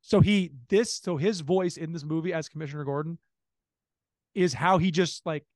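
A man's voice: fairly high pitch, normal speed, a little mellow, no echo, studio quality. A man co-hosting a podcast, chatting casually and animatedly about a movie, swearing and mimicking the people he talks about. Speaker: podcast co-host.

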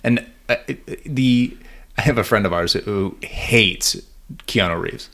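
Deep-voiced man telling profane anecdotes. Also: slow pace, creaky, sharp tone. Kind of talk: casual chat.

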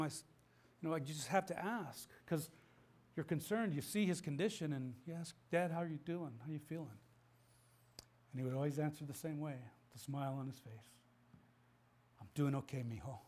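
A man's voice: fairly high pitch, darkish tone. A middle-aged man preaching a sermon as pastor, impassioned, with frequent restarts and repeated words.

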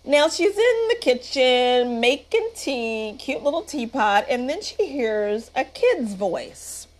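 Slow-talking woman recapping a movie. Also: sits high, big pitch swings. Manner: sarcastic, playful. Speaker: movie reviewer.

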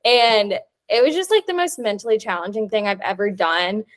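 A woman's voice: medium pitch, very animated, normal speed. A young adult woman co-hosting a podcast, telling a long story in casual chat, full of "like" fillers. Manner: chatty storytelling, many "like" fillers. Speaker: podcast co-host.

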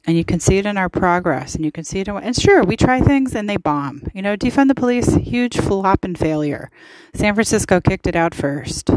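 A woman's voice: medium pitch, expressive, normal speed, few pauses, a little mellow, no room sound, poor audio. A woman hosting a podcast, giving casual political commentary in a chatty, emphatic way with lots of fillers. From United States. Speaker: podcast host.

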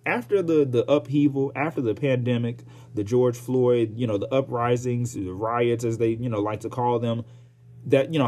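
Man, podcast host, heated profane rant, dark mellow voice, husky tone. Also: medium pitch, normal speed. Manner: profane, heated, animated ranting with sighs. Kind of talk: casual solo podcast rant.

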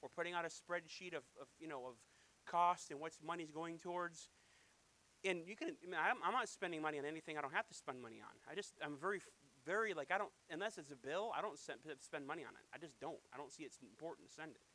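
A male pastor with a high, bright voice preaches with insistent emphasis. He circles back on phrases, repeating them as he tells stories from his own life. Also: animated, fast talker, poor audio. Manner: emphatic, repetitive, anecdotal storytelling. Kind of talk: sermon.

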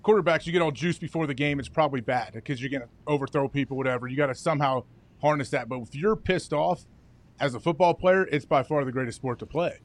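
A man's voice: medium pitch, quick pace. A man, a former football player who co-hosts a sports talk show, giving easygoing opinions and laughing along.

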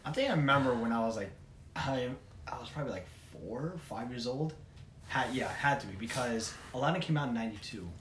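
A man in his thirties chatting casually, telling stories in a lively, laughing way. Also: medium pitch, brisk. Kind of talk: casual chat. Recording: echoey room with faint noise.

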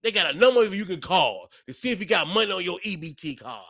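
A man in his thirties, a podcast host, delivering a profane comedic solo rant that swings between loud, heated outbursts and muttered asides. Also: high-pitched, big pitch swings, quick pace, no echo, studio quality.

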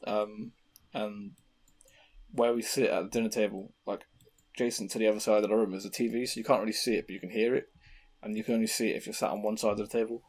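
A man's voice: fairly low pitch, quick pace, husky. A young English man on a casual podcast, telling rambling stories full of swearing. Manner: swears freely, rambling animated storytelling. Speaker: podcast co-host. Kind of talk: casual chat.

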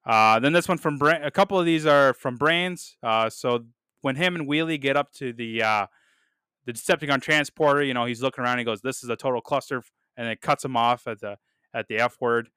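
A man's voice: mid-range voice, a little fast, bright, forceful tone, clear, resonant tone, dry recording, studio quality. A man hosting a casual movie review podcast, chatting loosely with many fillers and restarts. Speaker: podcast host.

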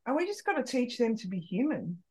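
A woman's voice: a little high, big pitch swings, fairly quick, slightly rough, low-quality recording. A middle-aged woman, a podcast guest, telling an open, emotional personal story in casual conversation, with many restarts.

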